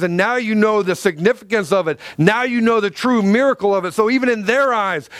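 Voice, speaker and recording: A man preaching a sermon in a church, impassioned and repetitive, acting out quoted lines with swings between loud and soft. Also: high-pitched, no echo.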